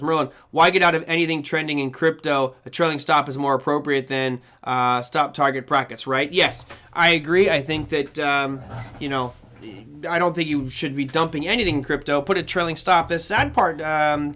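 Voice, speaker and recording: A man's voice: on the high side, sharp tone. A man hosting a live trading show, giving rambling market commentary, correcting himself often and acting out the voices he quotes.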